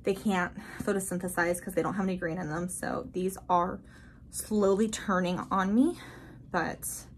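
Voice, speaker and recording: A woman giving a casual, chatty tour of her houseplants, gushing and excited, full of filler words. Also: fairly low pitch, moderate pace, a little hiss or hum. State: a bit out of breath. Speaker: plant vlogger. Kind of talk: casual plant tour vlog. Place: indoors at a grow tent.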